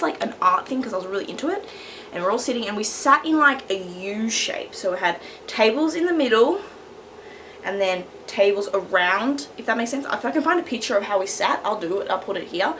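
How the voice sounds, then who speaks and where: A young woman, a beauty vlogger, tells a rambling, chatty storytime at home in a medium-pitched voice that sounds pushed and bright. She keeps her voice down so she won't wake someone, laughing between asides, with slight background noise behind her.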